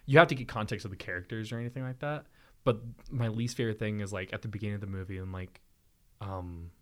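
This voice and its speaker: Young male podcast co-host, quick rambling talker, lowish voice. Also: fairly even intonation, fairly bright tone. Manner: rapid, rambling, with trailing asides. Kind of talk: casual chat.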